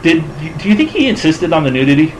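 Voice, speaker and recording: A man's voice: a little high, very animated, fast, background noise. A man in casual movie-talk banter, dry and joking as he needles his co-host.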